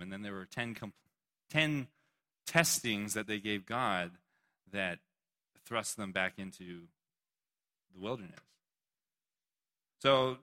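A young man preaching a lively sermon with a bright, forceful voice. He jokes as he goes and calls on people in the room by name. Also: medium pitch. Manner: animated, joking, takes questions from listeners. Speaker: pastor. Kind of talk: youth sermon.

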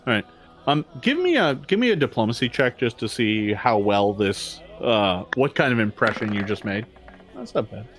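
Man running a tabletop game, pitch bouncing up and down, loose rambling narration, average pitch. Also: big pitch swings, normal speed. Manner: rambling with many fillers and restarts. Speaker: game master.

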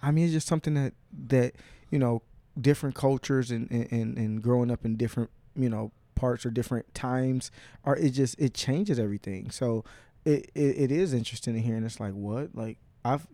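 Gravelly fast-talking podcast host. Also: male voice, medium pitch, no echo. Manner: profane, animated storytelling with put-on quotes. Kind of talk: casual podcast chat.

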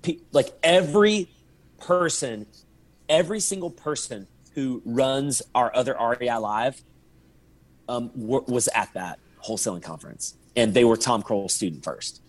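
Animated male podcast guest telling stories. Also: mid-range voice, unhurried. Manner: animated storyteller, acts out his own texts and inner thoughts. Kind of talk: casual podcast storytelling.

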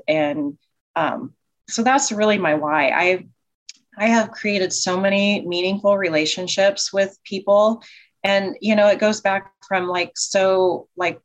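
Casting: low-voiced woman, childcare center owner, heartfelt and rambling, plenty of restarts. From Nebraska. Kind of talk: casual interview chat.

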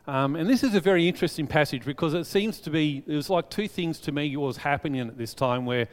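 A man preaching a sermon to his congregation, telling a childhood story in a chatty, animated way. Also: on the high side, fast talker. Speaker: pastor. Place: church hall. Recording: long reverb of a large hall.

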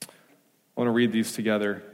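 A man preaching a sermon as pastor, emphatic, asking rhetorical questions and moving between loud urgency and hushed reassurance. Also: lowish voice, level tone, moderate pace. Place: church sanctuary. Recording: reverberant church hall.

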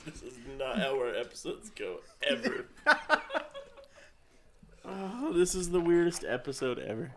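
A man's voice: on the high side, sing-song, measured pace, long pauses, crowd noise. A man co-hosting a rowdy podcast, laughing and teasing his friends. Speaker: podcast co-host. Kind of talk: rowdy casual chat among friends.

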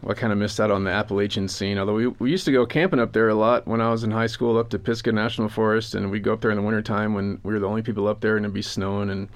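A man's voice: on the low side, steady tone, very fast, few pauses. A man from North Carolina, a band member, chatting in an easygoing, joking way in a radio studio interview.

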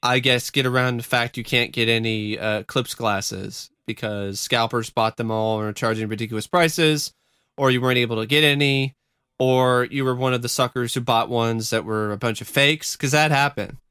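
Man, podcast co-host, casual joking ramble, bright clear voice, dry close recording. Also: mid-range voice, steady tone, normal speed, no echo. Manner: rambling, joking, swears, trails off looking for words. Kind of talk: casual chat.

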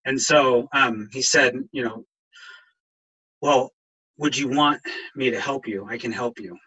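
Middle-aged male guest, husky and bright, halting and emotional personal storytelling. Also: medium pitch, poor audio. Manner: halting, many ums, voice catching with emotion. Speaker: guest, counselor and veteran in recovery.

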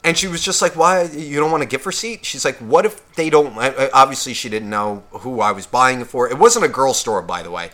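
A man's voice: mid-range voice, lively intonation, fairly quick, hardly any pauses, bright, forceful tone. A man on a podcast, telling a profane shopping story and acting out both sides of the conversation. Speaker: podcast co-host. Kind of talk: casual storytelling rant.

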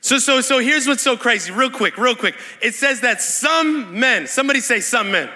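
A young man preaching an energetic Pentecostal sermon with call-and-response, fast and excited, repeating words and shouting to the crowd in a large church hall. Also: very high-pitched. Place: large church hall at a live worship night. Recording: long hall reverb from a live event.

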